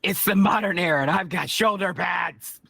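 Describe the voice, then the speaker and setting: A man co-hosting a podcast, chatting casually and throwing in quick teasing remarks during an episode recap. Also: high-pitched, vocal fry, sharp tone, breathy edge, no echo. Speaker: podcast co-host.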